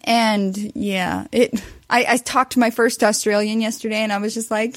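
A woman's voice: mid-range voice, moderate pace, dry recording. A woman co-hosting a casual chat podcast, bubbly and giggly as she tells stories. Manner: bubbly, giggly, animated storytelling. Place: Colorado.

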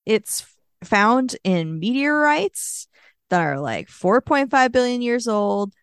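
A young woman co-hosting a podcast, sharing facts in a laid-back, steady way. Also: fairly high pitch, slow, smooth, dry recording, clean studio sound. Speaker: podcast co-host. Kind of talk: casual chat, sharing facts.

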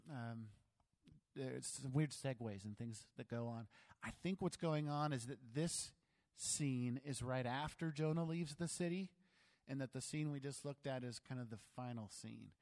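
A man preaching a sermon as pastor, animated, acting out voices and joking about himself. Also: mid-range voice, moderate pace. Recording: long hall reverb.

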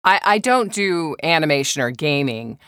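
A man's voice: fairly high pitch, very animated, normal speed, pushed and bright, clear, resonant tone, no echo, clean studio sound. A man being interviewed as a voice actor, answering with hesitations and correcting himself as he goes. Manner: hesitant, with fillers and self-corrections. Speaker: guest voice actor. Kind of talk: casual interview chat.

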